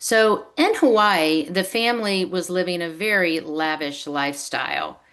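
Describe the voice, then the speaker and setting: Brief: woman author with a low voice, on a video call, storytelling delivery. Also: a little slow, fairly bright tone, clean tone. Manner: storytelling, acts out quoted relatives. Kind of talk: reading prepared remarks on a video call.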